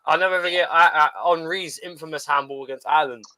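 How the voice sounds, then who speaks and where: Man, slightly high voice, very bright tone, casual banter, swears and jokes. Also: fairly even intonation. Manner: swears freely, laughs, mimics accents in quick asides. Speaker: co-host of a football watchalong. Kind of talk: casual chat.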